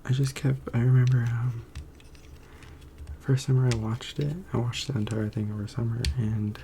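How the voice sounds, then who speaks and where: A young man from the United States rambling in soft-spoken ASMR, meandering with many fillers. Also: mid-range voice, steady tone, normal speed, background noise. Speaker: ASMR creator.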